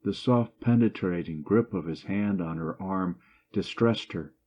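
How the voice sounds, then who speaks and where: A man reading a short story aloud in a steady, measured way, slowing down for quoted lines. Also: deep voice, slight background noise. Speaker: narrator. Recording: dull lo-fi recording.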